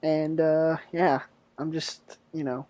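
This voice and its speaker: A man's voice: a little high, level tone, slow pace, darkish tone. A young man hosting a casual podcast chat, joking and teasing his guests and laughing often. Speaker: podcast host.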